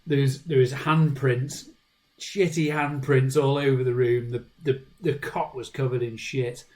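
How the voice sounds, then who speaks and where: A man co-hosting a podcast, telling animated stories in casual chat. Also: mid-range voice, a little slow, a crowd in the background, low-quality recording. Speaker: podcast co-host.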